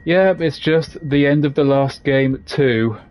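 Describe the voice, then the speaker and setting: A man's voice: mid-range voice, measured pace, darkish tone, faint music behind. A man giving casual, jokey commentary while playing a video game, rambling between asides. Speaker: game streamer. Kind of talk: casual let's-play commentary.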